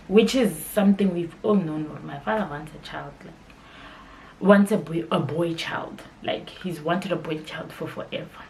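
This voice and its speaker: A woman's voice: low voice, a little hiss or hum, rough recording. A young woman hosting her podcast, telling a personal story in a candid, conversational way. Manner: candid and conversational, emotional at times. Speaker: podcast host.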